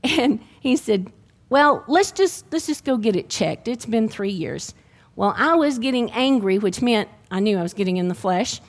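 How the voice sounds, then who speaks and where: A middle-aged woman, preaching a sermon and telling her own healing testimony in a lively storytelling way. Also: medium pitch, moderate pace.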